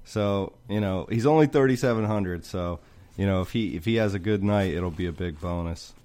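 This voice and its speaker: A man's voice: sits low, normal speed. A man co-hosting a casual sports chat, steadily running through his picks and prices. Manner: steady, methodical, lists players and prices. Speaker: co-host picking fantasy lineups.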